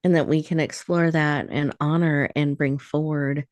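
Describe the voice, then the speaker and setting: Low-voiced woman host, dry close sound. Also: steady tone, moderate pace, no room sound. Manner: warm affirming, appreciative. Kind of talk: radio interview hosting.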